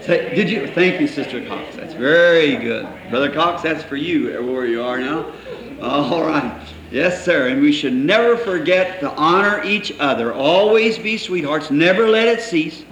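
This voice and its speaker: A man's voice: on the high side, animated, unhurried, a bit bright. A man preaching a sermon, telling homely stories and chuckling as he quotes people. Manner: folksy storytelling, quoting others, chuckling. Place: church. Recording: echoey old church recording with faint hiss.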